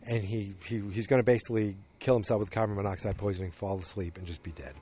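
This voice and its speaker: A man hosting a podcast, casually recapping a TV episode in a rambling, animated way. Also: lowish voice, fast, slightly rough. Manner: rambling, animated retelling with acted quotes. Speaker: podcast host.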